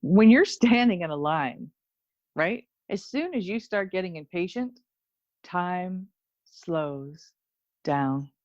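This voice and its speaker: A woman's voice: fairly low pitch, lively intonation, slow, darkish tone, no room sound, lo-fi sound. A woman from Ontario, Canada, a guest on a casual podcast, talking bluntly with plenty of swearing and frequent laughter. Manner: blunt, profane, laughs often. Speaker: guest, intuitive medium and Reiki teacher.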